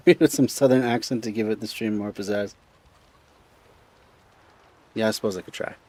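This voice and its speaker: A man's voice: on the low side, moderate pace, mellow. A man streaming a video game, chatting casually and thinking aloud as he plays. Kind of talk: casual let's-play commentary.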